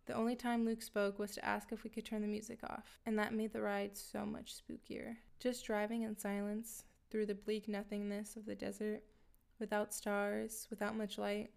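A woman's voice: mid-range voice, monotone, moderate pace, creaky, darkish tone. A woman telling a first-person horror story in a matter-of-fact way, with dry asides to her listeners.

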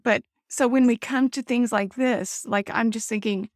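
A woman's voice: fairly high pitch, steady tone, moderate pace, no room sound, clean studio sound. A woman hosting a faith-based discussion among mothers over a video call, speaking in an affirming, heartfelt way. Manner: warm-hearted, affirming, emotional at times. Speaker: host.

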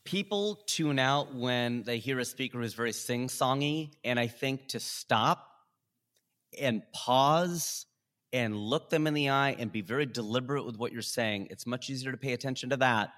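A man speaking as a comedian guest on a podcast, talking deliberately and playing with his pitch and loudness for emphasis. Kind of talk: casual interview chat.

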